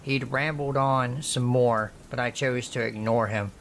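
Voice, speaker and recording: Slow-reading male horror narrator. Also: mid-range voice, fairly even intonation, a bit bright, slight background noise. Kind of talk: scripted narration.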